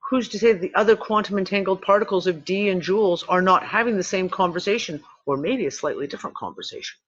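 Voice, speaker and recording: Man, host, high voice, rambling, swears a lot, casual discussion, dull muffled sound. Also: fast talker, a bit bright. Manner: rambling, swears freely, trails off and restarts.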